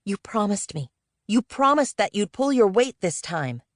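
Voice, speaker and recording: A woman voicing a bossy young female employee who shouts and panics in a shrill, insistent way. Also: very animated, measured pace, dry recording, studio quality. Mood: furious.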